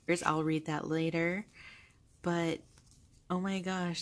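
Woman vlogger, low voice, gushing casual chat, soft-spoken. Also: level tone, takes it slowly, long pauses, a little hiss or hum. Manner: gushing, soft-spoken, with frequent fillers and laughs. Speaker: vlogger showing a journal. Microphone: handheld camera held close.

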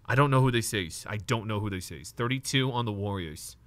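With no room sound in the recording, a young man opens trading card packs live, jittery and eager, occasionally cursing while he chats with viewers. His pitch is fairly low and his pace a little quick.

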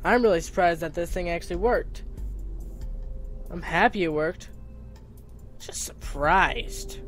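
A man giving casual, excitable commentary while playing a video game, talking to himself and bursting into cheers, his voice cracking now and then. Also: high-pitched, a little slow, faint music behind. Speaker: gaming video creator. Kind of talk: casual let's-play commentary.

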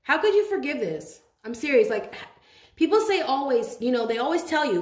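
A woman's voice: high voice, sing-song, moderate pace. Chatty tarot-reading woman in an echoey room. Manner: chatty, affectionate, emphatic, with frequent restarts. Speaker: tarot reader. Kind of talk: casual tarot reading to camera.

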